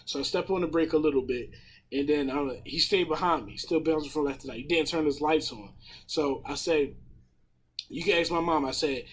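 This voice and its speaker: A man in casual podcast chat, retelling a story in a profane, animated way with a husky voice. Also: on the high side, moderate pace. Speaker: podcast panelist.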